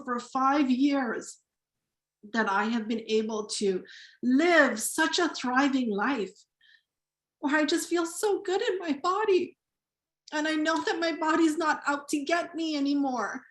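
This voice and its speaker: A woman's voice: high-pitched, a bit bright, echoey room. A woman in her forties giving an earnest, emphatic testimonial over a video call, often repeating herself for emphasis. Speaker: community member sharing a testimonial.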